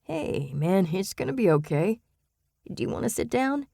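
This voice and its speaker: A woman reading an audiobook voices a steady male police officer who speaks in a soothing, patient, measured way. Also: mid-range voice, creaky, dry recording, clean studio sound. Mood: calm.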